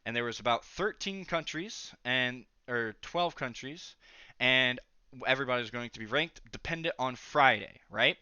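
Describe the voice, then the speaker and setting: Bright-voiced rambling young man. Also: medium pitch, lively intonation, moderate pace, smooth, no room sound, dull audio. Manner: rambling, chatty, with many fillers and asides. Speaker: storytelling vlogger. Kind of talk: casual storytime narration.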